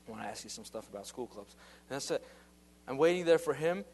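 A man's voice: medium pitch, lively intonation, fast, vocal fry, a little mellow, slightly rough. A man giving a casual, earnest spoken testimony as a youth minister, rambling with many fillers and restarts.

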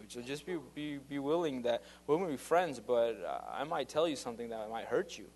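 A man's voice: mid-range voice, expressive, a little fast, hardly any pauses, darkish tone. A man giving a casual, earnest spoken testimony as a youth minister, rambling with many fillers and restarts.

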